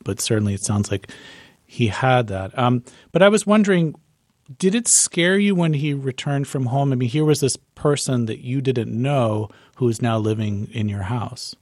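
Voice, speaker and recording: A man's voice: mid-range voice, lively intonation, normal speed, no echo, clean studio sound. A man interviewing a guest, asking curious, casual questions. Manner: curious, casual, self-deprecating.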